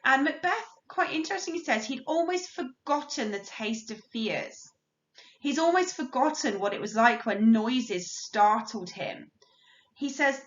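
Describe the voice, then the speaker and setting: A woman's voice: on the high side, lively intonation, a little slow. A woman teacher explaining a play in a recorded lesson, reading quotations aloud and talking through their meaning in plain, explanatory language. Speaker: English teacher. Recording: roomy, dull lo-fi sound.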